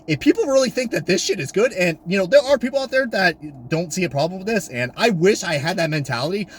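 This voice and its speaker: Ranting man, lively high voice. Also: fast talker, slight background noise. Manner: loud, swearing, exasperated, swings from high shouts to low mutters. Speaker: diecast collector vlogger. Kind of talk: profane comedic rant. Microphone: camera mic.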